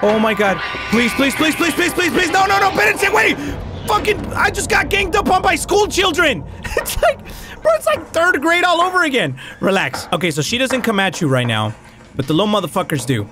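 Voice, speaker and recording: A man giving excitable, profane let's-play commentary on a game, slipping into Spanish slang now and then. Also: extremely high pitch, brisk. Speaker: gaming YouTuber. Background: game music.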